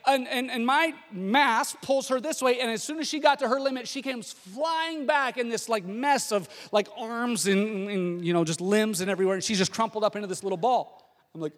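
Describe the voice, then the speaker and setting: A middle-aged man preaching a sermon, telling a personal story in a lively way with frequent restarts. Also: extremely high pitch, moderate pace, big-room sound. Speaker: pastor.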